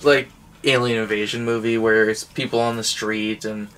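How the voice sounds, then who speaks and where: A man's voice: lowish voice, level tone, fairly bright tone, slight background noise. Wisecracking man co-hosting a movie chat. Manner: wisecracking, quick asides. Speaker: co-host. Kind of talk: casual chat.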